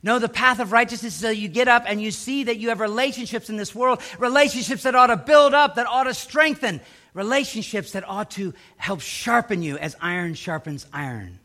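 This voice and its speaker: Male pastor, middle-aged, sermon, high voice, bright tone, loud emphasis dropping to hushed asides. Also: brisk. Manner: dynamic preaching, swinging from loud emphasis to hushed low asides.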